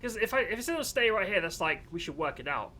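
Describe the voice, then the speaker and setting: A man streaming a video game who gives casual commentary, animated, exasperated and joking. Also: high voice, fast, a little hiss or hum.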